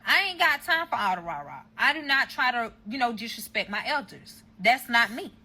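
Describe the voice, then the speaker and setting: A woman's voice: fairly high pitch, very animated, moderate pace, pushed and bright. A woman telling a casual story-time tale to her viewers, heated and swearing freely. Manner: heated, profane, addresses viewers.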